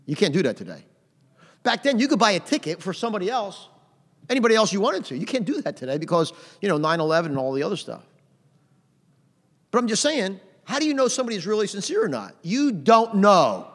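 A middle-aged man preaching a sermon in a conversational way, punching out phrases loudly and adding "amen". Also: high-pitched. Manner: conversational preaching with sudden loud emphatic phrases and frequent "amen". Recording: long hall reverb.

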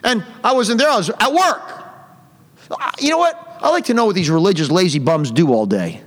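A man's voice: high voice, expressive, fairly quick, long reverb tail. A male pastor preaching a fiery sermon in a church. He reads scripture in the King James style and rants scornfully at his targets. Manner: scornful ranting, archaic King James reading. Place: church sanctuary.

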